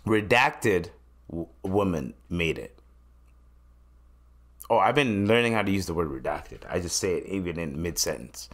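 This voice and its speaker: A man's voice: sits low, very animated, measured pace. A man hosting a solo podcast, talking in a loose, profane, joking way. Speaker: podcast host.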